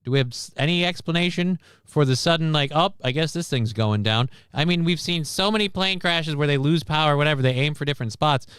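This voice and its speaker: A man's voice: fairly high pitch, fast, hardly any pauses, a bit bright, smooth, no echo, clean studio sound. A man hosting a livestream, reacting to news clips in blunt, sarcastic casual commentary, swearing often. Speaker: livestream host.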